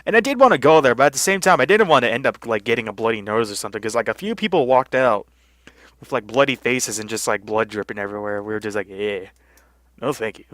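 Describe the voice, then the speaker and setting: A man's voice: medium pitch, animated, quick pace, fairly bright tone, no room sound. A young man casually telling a rambling story over gameplay, full of fillers and swearing. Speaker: gaming channel host.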